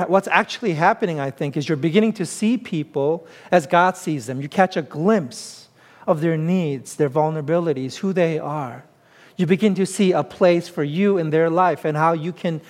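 A middle-aged pastor preaching a sermon in a conversational, emphatic way, mixing scripture reading with plain everyday examples. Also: male voice, on the high side. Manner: conversational, emphatic preaching with self-deprecating humor.

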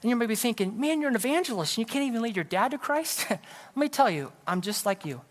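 A man's voice: very high-pitched, lively intonation, fast, long reverb tail. A middle-aged man from California, preaching as an evangelist and telling a personal story in a conversational way with self-deprecating jokes. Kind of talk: sermon. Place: church sanctuary.

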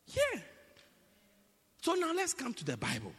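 A man with a very high, lively voice preaches a teaching sermon, his pitch leaping around as he explains and keeps asking whether the congregation follows. His tone is bright and sharp. The long reverb of a church hall trails behind every phrase. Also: a little slow. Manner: teaching, repeatedly asking the congregation "do you get it?"; animated, swinging between loud bursts and quiet asides.

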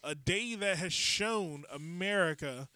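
Playful podcast host dude, bright voice all over the place, sarcastic. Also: male voice, high-pitched, lively intonation, slow pace, no room sound. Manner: playful, sarcastic, jumps into bits. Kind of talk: casual comedic podcast chat. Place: podcast studio.

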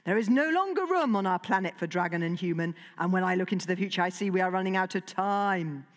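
A woman's voice: on the low side, expressive, fast talker, natural voice. Woman putting on a vengeful male dragon. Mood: grim, urgent. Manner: grand, urgent proclamation. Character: angry vengeful male dragon rebel leader. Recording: long hall reverb.

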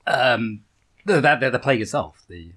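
A man's voice: medium pitch, lively intonation, normal speed, a bit bright. Hesitant male podcast co-host. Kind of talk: casual book discussion chat.

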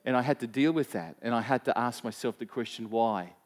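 A pastor with a mid-range voice speaks quickly as he delivers a conversational sermon. He shares personal stories and asks his congregation questions, repeating himself often and using plenty of fillers.

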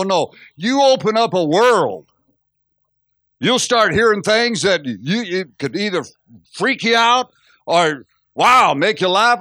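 A man's voice: sits high, dry recording, studio quality. A middle-aged man preaching a sermon as pastor, telling stories and acting out quotes with laughter. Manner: storytelling, animated, acts out quotes with laughs.

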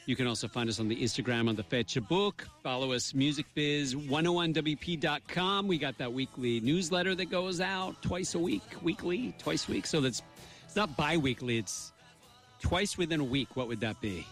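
A man's voice: on the high side, moderate pace, fairly bright tone, soft background music. Playful man co-hosting a radio show. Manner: playful, goofy, mock-pompous announcer voice. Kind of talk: jokey radio banter.

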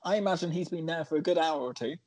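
A man's voice: fairly high pitch, quick pace, a crowd in the background. A man co-hosting a podcast, casually retelling a TV episode with lots of "um"s and frequent laughter. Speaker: podcast co-host recapping a TV drama. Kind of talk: casual chat.

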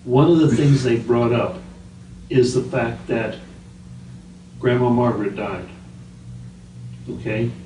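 A middle-aged father calmly asking his son a string of questions on a home recording. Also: mid-range voice, takes it slowly, long pauses. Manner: plain, steady questioning. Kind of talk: family conversation on a home recording. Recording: echoey room, far from the mic, noisy.

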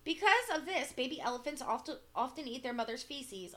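A woman's voice: high voice, expressive, fairly quick. A woman co-hosting a casual podcast chat, reading an article aloud and breaking off with dry asides.

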